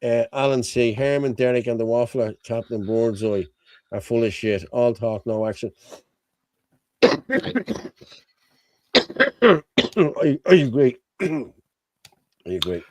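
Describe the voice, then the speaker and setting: A man's voice: mid-range voice, expressive, takes it slowly, long pauses, dry recording. A middle-aged man hosting a live stream chat, rambling and swearing, with a constant "you know what I mean". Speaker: host.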